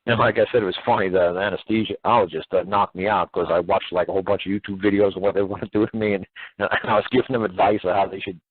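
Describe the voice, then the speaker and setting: Fast-talking husky man on lo-fi radio. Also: low voice, no echo. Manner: animated storytelling, mocking voices, swearing, laughs often. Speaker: radio show host. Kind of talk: casual radio talk. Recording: tinny phone-like radio audio.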